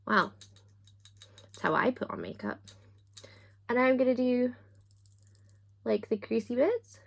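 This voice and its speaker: A young woman chats to her camera while doing her makeup. She keeps up a relaxed, self-deprecating patter, full of quick asides and jokes at her own expense. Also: on the high side, gravelly. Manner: chatty and self-mocking, with little asides. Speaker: book vlogger.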